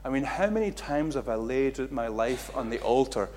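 Animated preacher man. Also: medium pitch, normal speed. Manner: animated, acts out quotes with big swings in loudness. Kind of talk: sermon.

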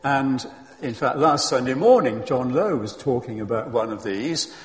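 A man preaching a sermon in a lively, emphatic way, with chuckles and friendly asides. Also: medium pitch, normal speed, big-room sound.

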